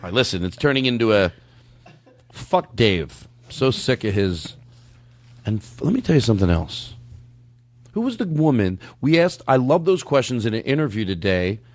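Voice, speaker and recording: A man hosting a comedy podcast, joking excitedly, swearing and laughing often in casual banter. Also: mid-range voice, moderate pace, no room sound. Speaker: podcast host.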